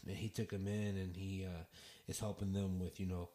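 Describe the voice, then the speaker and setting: A father appears as a guest on a casual round-table podcast, telling a story earnestly and saying "you know" often. His voice is deep and dark, delivered flatly at normal speed, and the room gives it a roomy echo.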